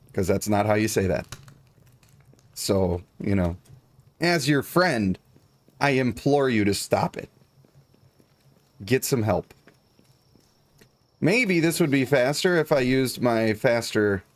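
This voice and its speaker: A man's voice: on the low side, takes it slowly, long pauses. Jokey, rambling male game streamer. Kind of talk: casual live game commentary.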